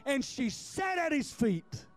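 A man preaching a sermon with passion, often repeating words and building up to near-shouts. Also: very high-pitched, very animated, takes it slowly, dry recording, soft background music.

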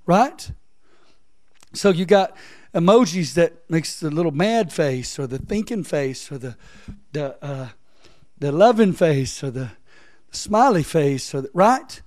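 A man preaching a sermon in a chatty way, swinging from loud scripture reading to soft, low asides. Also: expressive, takes it slowly, long pauses, dry recording, studio quality. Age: adult, father of three. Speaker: pastor.

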